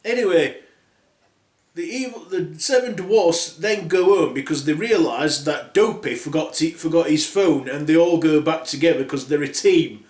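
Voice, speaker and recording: A man's voice: a little high, normal speed, few pauses, a little mellow. A man retelling a fairy tale in a rambling, crude comic way. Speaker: storyteller host. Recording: roomy echo.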